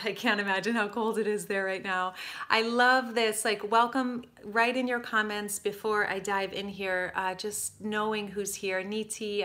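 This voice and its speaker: Casting note: young woman, livestream host, effusive and chatty, mid-range voice. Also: mid-range voice. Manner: effusive, greets viewers warmly by name. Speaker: life coach livestream host. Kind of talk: casual livestream chat.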